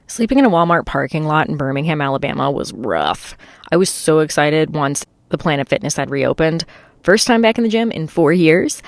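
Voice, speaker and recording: A woman's voice: sits low, lively intonation, moderate pace, no echo. A woman chatting through a casual travel vlog in an enthusiastic, chatty way. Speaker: travel vlogger.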